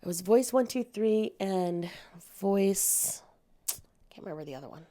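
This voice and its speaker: Animated woman voice actress chatting. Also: measured pace. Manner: animated, expressive storyteller with big pitch swings. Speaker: voice actress guest. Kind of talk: casual podcast chat.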